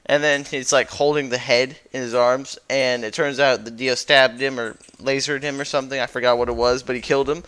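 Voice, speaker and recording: A man's voice: medium pitch, fairly even intonation, brisk, few pauses, a bit bright, clear, resonant tone. A young man casually and goofily recapping a story over a slideshow, rambling and correcting himself as he goes. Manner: rambling and goofy, with lots of fillers and self-corrections. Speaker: YouTuber.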